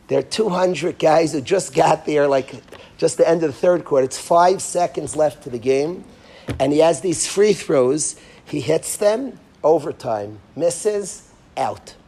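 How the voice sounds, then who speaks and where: Rabbi telling a story, hushed to emphatic. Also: male voice, a little high. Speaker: rabbi giving a parenting lecture. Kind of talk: storytelling lecture.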